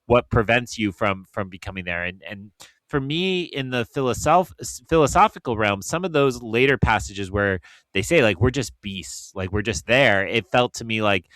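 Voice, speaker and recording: Low, bright-toned man musing thoughtfully. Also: animated, normal speed, no echo. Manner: thoughtful, dryly teasing. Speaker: podcast guest. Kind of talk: casual film-discussion chat.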